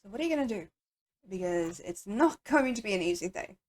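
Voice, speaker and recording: A woman's voice: medium pitch, animated, fairly quick, a little mellow. A woman from the United States narrates and runs a tabletop game on stream. She is chatty and self-deprecating, with frequent laughs between her lines. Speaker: game master.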